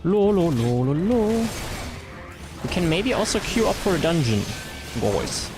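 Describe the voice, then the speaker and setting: A German-accented man chats away during a game livestream, his voice sitting a little high and bouncing up and down. He rambles with fillers and restarts and answers chat as he plays, with music running faintly underneath. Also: sing-song, unhurried. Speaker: streamer. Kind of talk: casual gameplay livestream chat.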